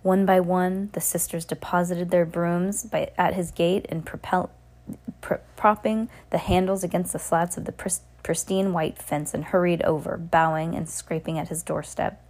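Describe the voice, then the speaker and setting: Lowish female host, reads storybooks aloud, chatty, playful with a child. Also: fairly even intonation, normal speed, a little mellow. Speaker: podcast host reading to kids.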